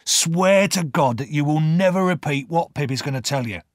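A man voicing an old male escaped convict, speaking slowly and weightily. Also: fairly high pitch, animated, dry recording, studio quality, voice pushed up, close to an everyday voice. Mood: solemn.

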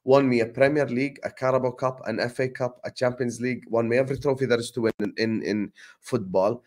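A young man hosting a casual football live stream, slangy and animated as he shouts out viewers. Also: medium pitch, fast. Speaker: host.

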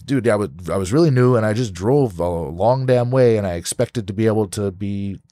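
A man's voice: on the low side, a little fast, mellow, no echo. A man from California, a podcast guest, telling a story casually, rambling with lots of "like", restarts and swearing.

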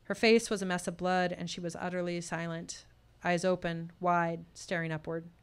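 A woman's voice: lowish voice, flat delivery, moderate pace, clear, resonant tone. A woman telling a personal story at a live storytelling showcase, voicing the people in it as she goes. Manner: personal story told with tense quoted dialogue.

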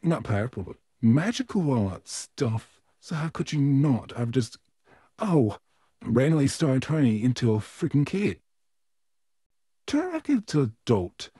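A smug, menacing puppet villain, voiced by a man, in a fan-made audio role-play. His voice is dark and husky, with a slow, drawn-out delivery that swoops up and down theatrically. The recording is dry and close. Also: mid-range voice, sing-song, dry recording. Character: evil male puppet neighbor, smug, menacing, easily flustered.

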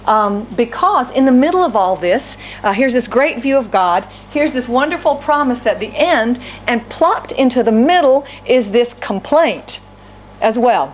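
A middle-aged woman pastor delivers a sermon in a voice pitched a little high. She questions her listeners and voices their complaints to God in quotes. A faint noise sits under the recording. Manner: preaching, asks the congregation questions.

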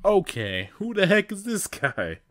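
Man doing a brash high-pitched hedgehog hero. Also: animated, moderate pace, dry recording, clean studio sound, natural voice. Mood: cocky. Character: cocky fast male cartoon hedgehog hero.

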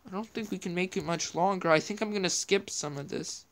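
A woman's voice: fairly low pitch, fairly quick. A woman hosting a gameplay video, thinking aloud in casual, rambling commentary as she plays.

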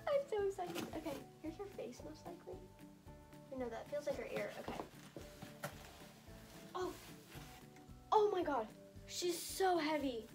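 Excitable woman vlogger, fairly high voice, bubbly unboxing chatter with music behind. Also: creaky. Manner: gushing and excitable, filler-heavy. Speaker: doll collector vlogger. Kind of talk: unboxing vlog. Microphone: camera on a tall tripod. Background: background music.

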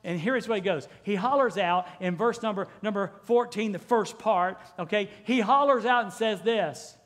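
A male pastor preaching a sermon in a church, animated and acting out quoted voices. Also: sits high, moderate pace, few pauses. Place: church sanctuary. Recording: church hall with long reverb.

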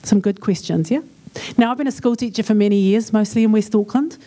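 A woman's voice: medium pitch, a little fast, dark tone. A woman with a New Zealand accent giving a humorous talk at a church conference, chatting and acting out little dialogues. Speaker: conference speaker.

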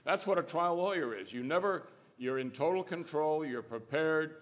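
A man's voice: fairly high pitch, lively intonation, normal speed, dull audio. An older man, a trial lawyer on a panel, telling folksy anecdotes and acting out the quotes. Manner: folksy storyteller who acts out quotes. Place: conference hall. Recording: long reverb in a conference hall.

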